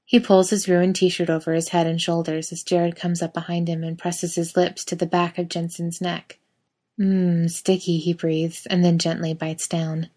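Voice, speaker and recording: Woman narrator, story reading, steady, expressive, lowish voice. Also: moderate pace, hardly any pauses.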